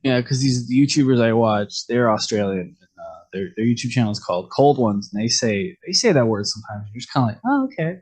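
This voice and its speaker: This man is a guest on a relaxed podcast. He has a mid-pitched voice and talks in an easygoing way, often breaking into a chuckle. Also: brisk, few pauses, breathy edge. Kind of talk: casual podcast chat.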